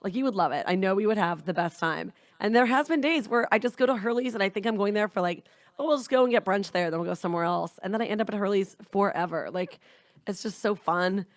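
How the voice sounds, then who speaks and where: A woman's voice: medium pitch, quick pace, no echo. A young woman from Canada, co-hosting a podcast and telling a long rambling story in casual chat, swearing now and then. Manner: rambling, animated anecdotes with frequent swearing. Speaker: podcast co-host.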